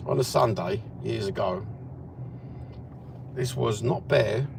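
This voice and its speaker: A middle-aged Cockney man with a low, gravelly voice chats casually from inside a car. He rambles in a blunt, sweary way. Road and engine noise hum clearly behind him. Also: slow. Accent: Cockney East London. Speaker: vlogger. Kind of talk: casual chat while driving.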